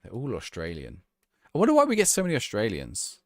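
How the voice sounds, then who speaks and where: Casual male streamer, rambles chatting with viewers, lower voice that swings up and down, close dry mic. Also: wildly swooping pitch, fast, dry recording. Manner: casual, rambling, answering chat questions. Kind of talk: live-stream gameplay chat.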